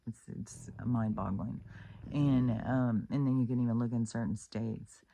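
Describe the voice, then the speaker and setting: A woman's voice: extremely low pitch, steady tone, unhurried, mellow, a little hiss or hum. A woman vlogging in a rambling, profane, casual rant, full of fillers and restarts, exclaiming in disbelief.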